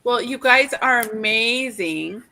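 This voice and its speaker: A sleepy woman hosting a late-night livestream, yawning and talking in a halting way with many fillers. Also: fairly high pitch, expressive, bright, forceful tone, a little hiss or hum. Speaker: livestream host.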